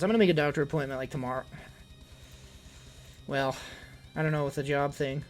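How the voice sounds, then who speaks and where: A young man streaming live in casual chat, out of breath, rambling and worried, swinging between loud emphasis and low mutters. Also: steady tone, a little fast, pauses often. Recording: faint music behind.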